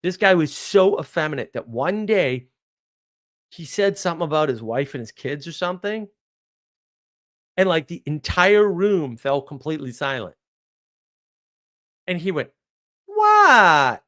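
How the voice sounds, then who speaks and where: An American man in his forties telling rambling stories in a casual monologue, sarcastic, with mock outrage and animated asides. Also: a little high, normal speed. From United States. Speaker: podcast host.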